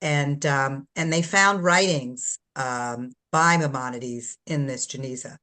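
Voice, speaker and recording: An older woman with a low, deep voice talks through her book in a loose, rambling way. She often stops mid-sentence to hunt for a word, and fills the gaps with ums and uhs. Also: slow, sharp tone. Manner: rambling, searching for words, many fillers. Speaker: author. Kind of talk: casual book discussion.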